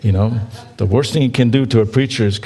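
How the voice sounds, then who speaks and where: A male preacher with a fast, mid-range voice, darkish in tone with a breathy edge, gives a conversational sermon in church. He reads scripture aloud, asks the congregation to read along, and adds playful asides to his listeners.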